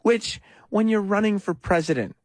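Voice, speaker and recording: A man hosting a talk radio show, recapping a clip in a mocking, animated way with frequent laughs. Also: high-pitched, normal speed, dry recording. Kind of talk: casual talk radio commentary.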